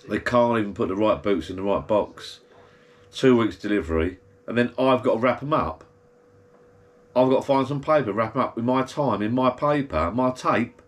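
Bloke moaning away, casual rambling chat in his backyard bar. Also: medium pitch. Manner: chatty, grumbling rant. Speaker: vlogger. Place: backyard garden bar shed.

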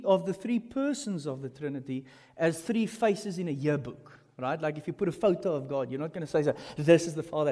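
A man preaches a sermon in an animated teaching manner, checking in with the congregation as he goes. His voice sits a little high for a man, and it rings with the long reverb of a church hall. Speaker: pastor.

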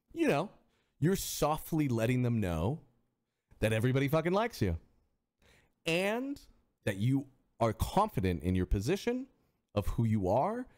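A male streamer in casual chat, animated, swearing freely and often restarting his sentences. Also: mid-range voice.

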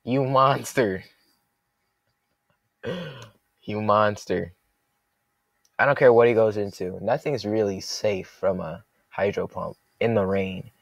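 A young man with a lowish, gravelly voice calls his own game in a loose, jokey commentary. He thinks out loud and reacts sharply to every move, and the recording is dry and close to the mic. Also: moderate pace, no room sound. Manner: excitable, jokey, thinks aloud. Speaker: gaming commentator.

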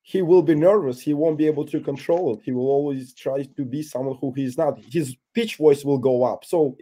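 A man's voice: a little high, normal speed, warm tone. A man guesting on a podcast, a YouTuber speaking bluntly and with strong opinions in casual chat.

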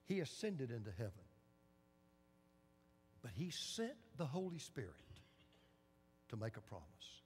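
A man's voice: mid-range voice, huge pitch swings, measured pace, pauses often, darkish tone, slight background noise. A male pastor preaching a sermon in a church, telling a story with dramatic repetition. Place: church sanctuary. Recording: long church reverb.

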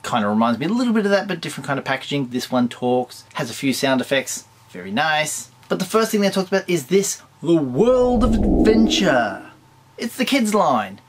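A man's voice: fairly high pitch, big pitch swings, moderate pace. A man with an Australian accent hosting a toy collector channel, chatting casually and enthusiastically with wry asides. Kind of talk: casual chat reviewing toy news.

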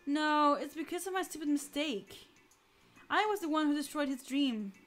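A woman's voice: sits high, moderate pace, a bit bright. Woman reading a meek, apologetic young mechanic. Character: timid young female rocket mechanic, apologetic.

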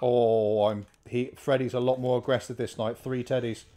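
A young man commentating on a horror game, excitable and chatty, muttering repeated counts under his breath between bursts of excitement. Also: medium pitch, moderate pace. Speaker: gameplay commentator.

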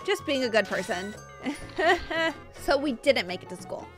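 A young woman giving chatty, giggly gameplay commentary with loud reactions. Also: sits high, very animated, a little slow, soft background music. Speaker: gaming video host.

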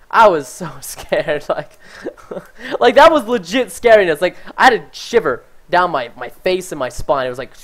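A man giving chatty, excitable live commentary while playing a game, talking to his viewers and easily startled. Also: high-pitched. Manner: talks to chat and viewers. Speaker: gaming livestreamer.

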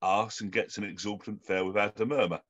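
A man's voice: fairly low pitch, steady tone, quick pace, a bit bright, lo-fi sound. A man hosting an online panel discussion over a video call, talking in a hesitant way with many ums and restarts. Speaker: host.

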